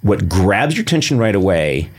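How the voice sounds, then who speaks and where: Low husky-voiced man hosting a podcast. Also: big pitch swings, moderate pace. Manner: chatty, rambling, laughs often. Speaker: podcast host. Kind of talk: casual interview chat. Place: podcast studio.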